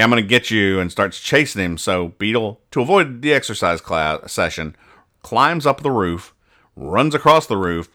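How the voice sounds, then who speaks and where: A man's voice: fairly low pitch, pushed and bright. A man hosting a casual podcast, reading comic strips aloud and explaining the jokes in a dry, mock-serious way. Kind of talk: casual chat.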